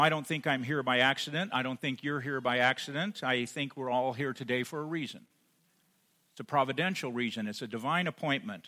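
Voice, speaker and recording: A man preaching a sermon as pastor, rising to emphatic peaks and then dropping soft and intimate. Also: medium pitch. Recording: long hall reverb.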